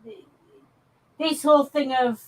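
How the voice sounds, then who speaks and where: An English woman co-hosts a podcast, chatting casually about films with plenty of ums and restarts. Her high-pitched voice has fairly even intonation and a slightly slow pace, and the recording is rough.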